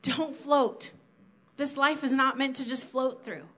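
A woman's voice: high voice, steady tone, measured pace, fairly bright tone. A woman from South Dakota giving an earnest, conversational sermon to her church, acting out her own inner thoughts as she goes. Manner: earnest, conversational preaching with acted-out inner quotes. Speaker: church speaker.

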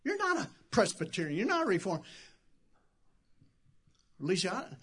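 A male pastor preaching in an easy, conversational way, his voice sitting a little high for a man. He drops to hushed asides, then bursts into loud, shouted lines. He sounds middle-aged. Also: huge pitch swings, moderate pace, husky. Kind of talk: sermon.

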